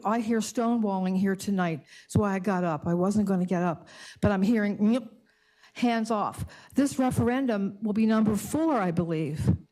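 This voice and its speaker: Older female resident at public comment, upset and halting. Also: medium pitch, dark tone. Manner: emotional, indignant, halting with restarts. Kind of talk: public comment at a community board meeting.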